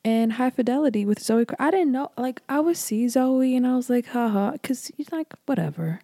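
A woman with a mellow, warm voice co-hosts a podcast. She chats casually, enthusiastic and slangy, and rambles as she talks. The sound is dry and close to the mic. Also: high-pitched, fairly quick, dry recording. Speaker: podcast co-host. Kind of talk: casual chat.

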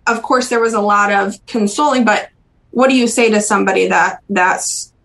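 A young adult woman, appearing as a guest on a podcast interview, recalls personal memories softly and haltingly, pausing often and restarting her sentences. Her voice is mid-range, and the recording is rough.

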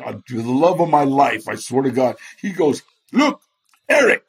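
Husky, animated man telling stories. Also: mid-range voice, moderate pace. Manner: animated, acts out quoted voices, laughs often. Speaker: guest. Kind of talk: storytelling in a chat interview.

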